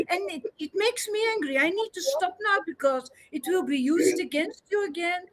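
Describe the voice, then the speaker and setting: A woman's voice: extremely high pitch, lively intonation, moderate pace, hardly any pauses, rough recording. A woman speaking up during a group stream, pleading and agitated.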